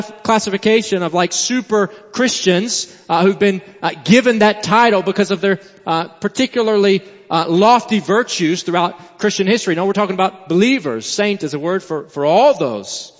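A man preaching a sermon from the pulpit, earnest and emphatic, with deliberate pauses. His voice sits a little high for a man. The sound is muffled and lo-fi, with a long reverb trailing off in a large church hall. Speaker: pastor. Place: church sanctuary.

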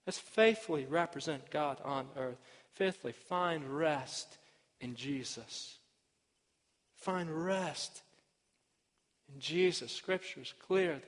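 A man preaching a sermon as pastor, earnest, repeating each point and swinging between emphatic and hushed delivery. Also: fairly high pitch, takes it slowly, long pauses, long reverb tail. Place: church sanctuary.

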